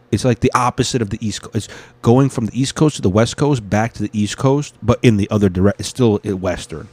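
A man hosting a solo talk show, rambling in a profane, excitable rant and reading an article aloud. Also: medium pitch. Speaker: podcast host.

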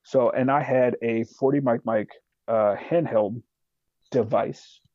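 A man telling a profane, animated war story as a podcast guest. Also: mid-range voice, takes it slowly, no echo, muffled recording. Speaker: podcast guest, retired soldier. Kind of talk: casual storytelling.

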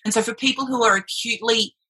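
Earnest, husky woman talking candidly. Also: fairly high pitch, fairly even intonation, fast, pushed and bright. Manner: candid, earnest, swears casually. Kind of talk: casual chat.

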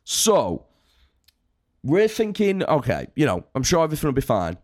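A man's voice: on the high side, huge pitch swings, moderate pace, a little mellow, no echo, studio quality. A young man telling a long, rambling road story in casual podcast talk, swearing freely. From United Kingdom. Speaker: touring band musician telling a story.

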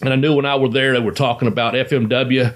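Man, casual storyteller, rambling, profanity, chuckling, mid-pitched. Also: little pitch movement, quick pace. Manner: rambling, profane, laughs through stories.

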